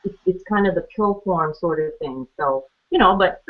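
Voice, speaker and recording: A woman's voice: lowish voice, normal speed. A woman telling her own story on a training call, chatty, laughing often and acting out the conversations she recalls. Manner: chatty, laughs often, acts out quoted exchanges. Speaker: guest speaker on a training call. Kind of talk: personal testimony. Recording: phone-line audio.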